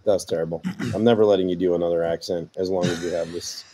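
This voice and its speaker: A man hosting a podcast, reading listener stories and answering in dry, deadpan chat over a video call. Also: low-pitched, quick pace, slight background noise. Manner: dry, deadpan, flat refusals. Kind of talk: casual chat.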